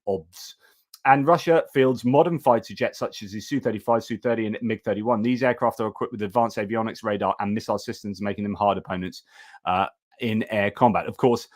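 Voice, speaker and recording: Guy hosting a live news stream, reads stuff out then riffs on it, lots of uhs and restarts, average pitch. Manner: reads news items aloud with frequent fillers and asides. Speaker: host.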